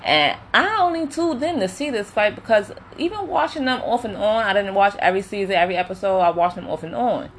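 A woman casually recapping a reality show, opinionated and animated, with lots of fillers. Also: medium pitch, fairly quick, hardly any pauses, a little hiss or hum. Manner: chatty, opinionated, animated retelling with quoted voices; many fillers like um and you know. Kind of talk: casual chat.

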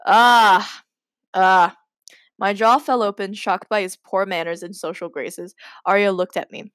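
A woman's voice: mid-range voice, fairly even intonation, a little slow, a bit bright, dry recording, studio quality. A young woman hosting a podcast, reading her old stories aloud and breaking off with giggling, self-mocking asides. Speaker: podcast host.

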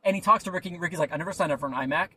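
A man's voice: fairly high pitch, very fast, breathy edge. A young man hosting a podcast, rambling through a story in casual chat and acting out the people in it. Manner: rambling, animated, acts out quoted people. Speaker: podcast host.

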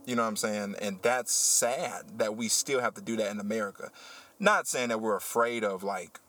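A man who works as a teacher, hosting a casual podcast chat and telling a story with animated, heated energy. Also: on the low side, normal speed. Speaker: podcast host.

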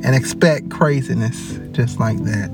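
A man's voice: medium pitch, a little slow, gravelly, music in the background. A man hosting a casual podcast. He tells stories with lots of cursing and laughs often as he talks. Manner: profane, laughs often, animated storyteller. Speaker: podcast host and ambulance worker.

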